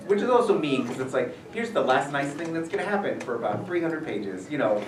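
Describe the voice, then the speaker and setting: A man visiting a school as an author, answering questions in a rambling, animated way full of fillers. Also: a little high, a little fast, background noise. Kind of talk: casual Q&A talk. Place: school room, audience present. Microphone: distant from the recorder. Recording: echoey room, voice heard from far off.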